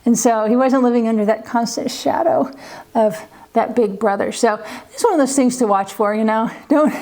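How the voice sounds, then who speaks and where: A woman in her forties talks to camera in a relaxed, chatty way, sharing stories from her years as a teacher and a parent. Her voice sits a little high, and her talk is full of light laughs and "you know"s. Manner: acts out what others say in livelier voices. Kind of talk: casual storytelling to camera.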